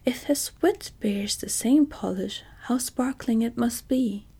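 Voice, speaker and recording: Cast: woman voicing earnest storybook scarecrow in whispered role-play, breathy. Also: a little high, slow, dark tone, exaggerated voice. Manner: earnest, eager. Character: cheerful talkative male scarecrow.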